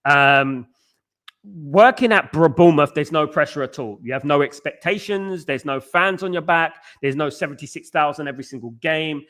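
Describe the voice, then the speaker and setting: A man's voice: on the high side, normal speed, a bit bright. A man hosting a football chat show, reading viewers' messages, rambling with many restarts and calling people "mate". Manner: rambling, restarts often, frequent "mate" and "you know what I mean". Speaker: podcast host reading live chat. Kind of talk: casual fan chat.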